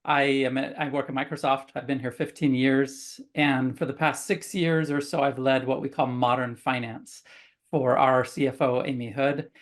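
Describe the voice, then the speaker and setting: A man's voice: medium pitch, little pitch movement, normal speed. A man on a panel introducing himself, friendly and filler-laden. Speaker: finance tech lead, panelist.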